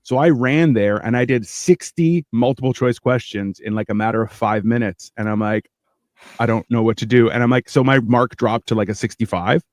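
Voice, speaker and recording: A man's voice: mid-range voice, steady tone, normal speed, no echo, clean studio sound. A man from Canada on a casual comedy podcast, telling brash stories and acting out quotes. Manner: brash storytelling, acts out quotes loudly. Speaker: podcast co-host.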